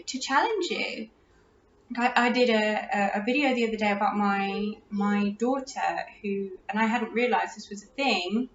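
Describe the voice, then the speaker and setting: A middle-aged British woman with a slightly high voice hosts a parenting podcast, offering relaxed advice from a room at home. She chats, laughs warmly and often restarts mid-sentence, while the recording is distant, reverberant, muffled and lo-fi, with slight background noise.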